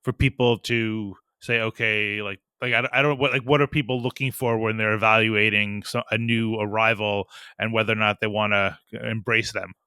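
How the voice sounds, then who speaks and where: A male podcast host asks his questions in a lowish, bright and crisply clear voice. He feels his way through each question with small hesitations. The sound is close and completely dry. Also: little pitch movement, moderate pace, dry recording. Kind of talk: casual interview.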